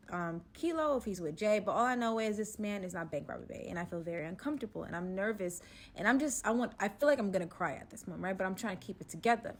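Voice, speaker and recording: Animated woman telling a wild story. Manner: animated, acts out quotes with shifting pitch and volume. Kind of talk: casual storytime.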